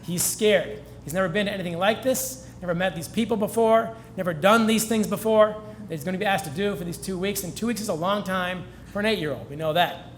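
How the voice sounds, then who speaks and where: High-pitched man telling earnest stories. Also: a little fast, few pauses, a little hiss or hum. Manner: earnest storytelling, gets choked up. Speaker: featured speaker. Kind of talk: speech at a celebration. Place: event hall.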